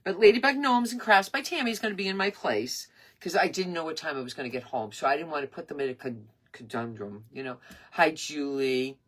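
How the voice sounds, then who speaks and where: A woman's voice: low-pitched, brisk, fairly bright tone. A woman in her sixties hosting her craft page live, chatting in a rambling, earnest and emotional way. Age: 60s. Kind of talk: casual live-stream chat.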